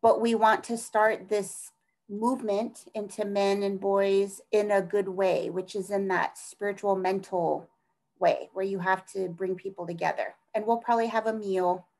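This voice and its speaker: A middle-aged woman talks at a middle pitch as an interview guest. She is earnest and rambling, and she often trails off mid-thought and starts again. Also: steady tone, unhurried, darkish tone, poor audio. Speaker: interview guest, task force advocate. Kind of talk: conversational interview.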